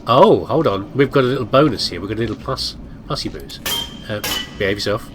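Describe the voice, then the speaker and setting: A man's voice: on the low side, lively intonation, fairly quick, noisy background. A man giving casual, self-mocking commentary while playing a video game, chatting to his viewers and to the objects on screen. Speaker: let's play gamer.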